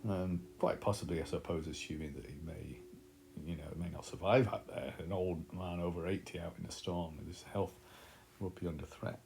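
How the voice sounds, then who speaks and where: A man's voice: low voice, fairly even intonation, normal speed, gravelly, darkish tone, faint music behind. A man teaching a literature lesson, explaining in a thoughtful way with frequent fillers.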